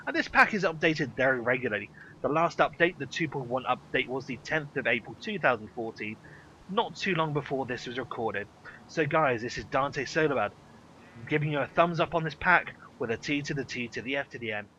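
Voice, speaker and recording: Bright, upbeat man reviewing a game. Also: medium pitch, lively intonation, fairly quick, dull audio, a little hiss or hum. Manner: enthusiastic and playful. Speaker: host.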